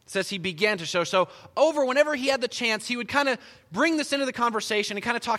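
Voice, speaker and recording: A man preaching a sermon in a church, conversational and animated as he tells the Bible story. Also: very high voice, quick pace. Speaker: pastor. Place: church sanctuary. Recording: long church reverb.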